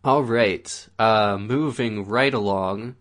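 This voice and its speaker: A man's voice: lowish voice, slow pace, fairly bright tone. An American man co-hosting a casual podcast, easygoing, laughing often and leaning on fillers. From United States. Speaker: podcast co-host asking questions.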